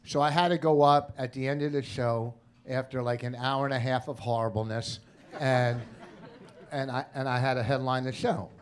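A man's voice: medium pitch, steady tone, normal speed. A middle-aged man with a New Jersey accent doing a stand-up set on stage, telling stories in a brash, cranky, profane way. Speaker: stand-up comedian. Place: comedy stage before a live audience.

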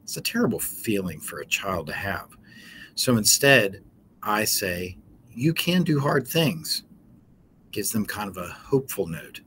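Low-voiced man teaching with frequent ums. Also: normal speed, slight background noise. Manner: relaxed, explanatory, frequent ums. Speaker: educator. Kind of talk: informal teaching talk.

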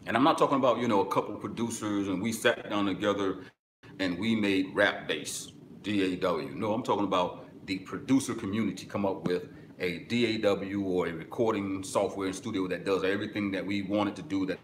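Low-voiced man hosting a live chat. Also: fairly quick. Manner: excitable bursts, then drops low and relaxed. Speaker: webinar host answering live chat. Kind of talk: casual live-stream chat. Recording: echoey room, faint background noise.

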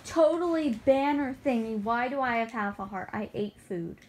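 A woman's voice: fairly high pitch, expressive, moderate pace, a little mellow. A woman co-hosting a gaming video, chatting in a playful, teasing way as she plays. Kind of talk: casual gameplay chat.

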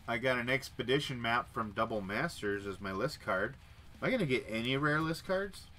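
A man's voice: mid-range voice, animated, normal speed, bright, forceful tone. A man hosting a livestream, casually chatting and reading card text aloud with wry, muttered asides. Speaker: livestream host opening card packs. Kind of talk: casual chat while reading cards aloud.

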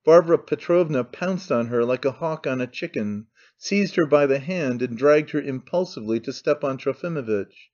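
A man narrating an audiobook in a measured, even storytelling manner. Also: medium pitch, lo-fi sound. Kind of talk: scripted narration.

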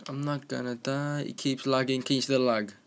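Young guy chatting over his game, jokey and excitable, mid-pitched, keyboard clacking loud in the back. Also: brisk, background noise. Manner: excitable, joking self-talk. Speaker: gaming commentator. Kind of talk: casual gameplay commentary. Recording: home recording with keyboard clicking.

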